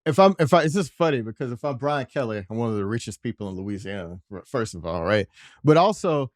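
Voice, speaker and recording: A man's voice: mid-range voice, expressive, quick pace, no room sound, clean studio sound. A man with a Southern accent co-hosting a casual sports podcast, joking and laughing as he talks. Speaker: co-host.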